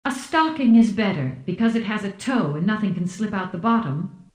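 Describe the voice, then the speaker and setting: A woman doing a bossy, tart woman leading a telepath crew in an audiobook. She speaks crisply and gives orders, in a roomy-echo recording at a middle pitch. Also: expressive, normal speed, darkish tone, natural voice. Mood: brisk. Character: brisk, commanding woman team leader, tart.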